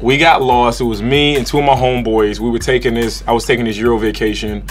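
A man, a comedian guest, telling animated, slangy and profane stories in a casual interview. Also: medium pitch, fast talker, soft background music.

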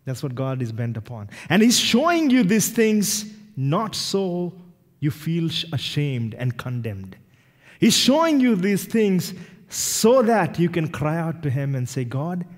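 A man from India, a pastor preaching a sermon, animated and acting out little dialogues with self-deprecating humor. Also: fairly high pitch. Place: church sanctuary. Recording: reverberant church hall.

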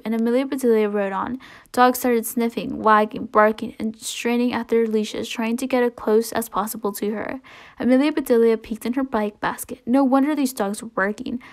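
Woman reading a children's storybook aloud. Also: a little high. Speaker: children's book reader.

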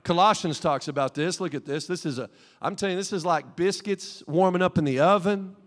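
A middle-aged man, the pastor, preaching a Pentecostal sermon in a folksy, animated way with homely asides. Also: sits high, fairly quick. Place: church sanctuary. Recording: long hall reverb.

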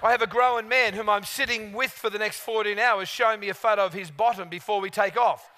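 A gregarious man preaching from the pulpit, telling his stories with lively animation. His voice sits high for a man and rings bright and forceful. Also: brisk, a little hiss or hum. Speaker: guest preacher. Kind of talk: sermon with storytelling.

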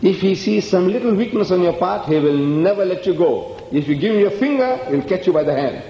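A man's voice: sits high, lively intonation, a little fast, slight background noise. Emphatic male lecturer in an echoey hall. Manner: emphatic storyteller, acts out dialogue. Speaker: lecturer on comparative religion. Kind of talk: public lecture, storytelling. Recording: echoey hall, dull old recording.

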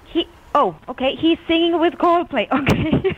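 A high-voiced woman taking a call at work, polite but puzzled and given to giggles. The audio is dull and lo-fi, as on a phone line. She speaks carefully. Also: moderate pace.

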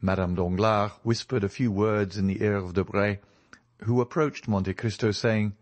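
A man reads a classic novel as an audiobook, giving a measured, expressive scripted narration. His voice is lowish, with no room sound.

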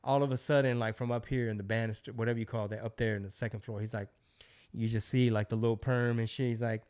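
A man's voice: medium pitch, fast, clear, resonant tone. A middle-aged man hosting a podcast, telling a long story in a loose, profane, casual way. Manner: loose, profane, animated storyteller who acts out quotes. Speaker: podcast host.

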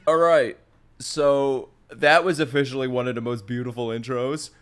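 A young man commenting on an anime episode as he watches it, often shouting, laughing and swearing. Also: mid-range voice, a little slow, clear, resonant tone. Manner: loud excited outbursts and laughter, swearing. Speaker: anime reaction YouTuber. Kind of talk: excited reaction commentary.

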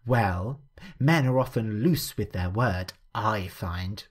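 A man's voice: fairly low pitch, slow pace. A man voicing a playful, mocking young woman in a storybook reading. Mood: coaxing. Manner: mocking, sing-song.

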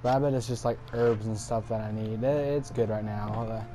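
Speaking fairly quickly in a lowish voice, this young gamer gives casual let's-play commentary from home late at night. He sounds exasperated, cursing and laughing at his blunders, with steady noise in the background.

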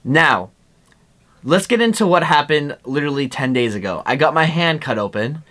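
A young man from the United States talking excitedly and casually to camera as a vlogger, with lots of "like" and "dude". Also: on the high side, normal speed. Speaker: exploring vlogger. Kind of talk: casual vlog talk to camera.

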